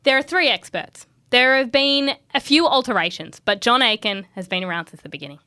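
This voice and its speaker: A woman's voice: a little high, a little fast, pushed and bright, dry recording, studio quality. A woman co-hosting a podcast, reading a wry script and laughing along. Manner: wry, laughing as she reads. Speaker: podcast co-host.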